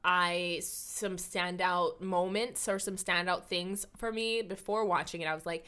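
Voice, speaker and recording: A woman's voice: fairly low pitch, steady tone, a little slow, a bit bright, clean tone. A woman co-hosting a casual podcast, blunt and sassy, often rambling mid-thought. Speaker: podcast co-host.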